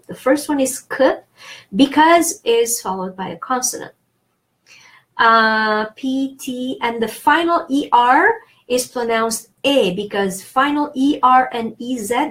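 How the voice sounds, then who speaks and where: French-accented woman teaching pronunciation. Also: fairly high pitch. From France. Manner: explanatory, thinks aloud with fillers and restarts. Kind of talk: pronunciation lesson.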